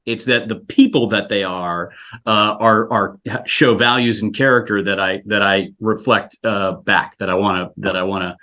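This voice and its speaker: A man's voice: lowish voice, fairly even intonation, moderate pace, bright, forceful tone, lo-fi sound. A man from South Florida, a scouting executive director, talking earnestly and reflectively in an interview, often restarting his sentences. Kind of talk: casual interview chat.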